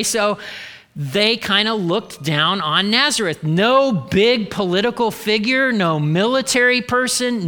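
A man's voice: sits high, bright, forceful tone, long reverb tail. A man preaching a sermon in a casual way with joking asides. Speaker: pastor.

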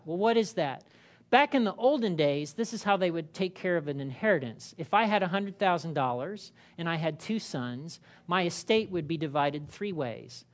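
A woman pastor preaching a sermon in a church, asking rhetorical questions and repeating key phrases. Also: on the low side.

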